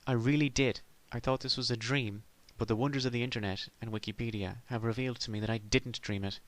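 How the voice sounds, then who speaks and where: A man's voice: medium pitch, steady tone, fast talker, no room sound. A middle-aged man from Ireland delivering a sardonic, rambling comic monologue as a podcast host.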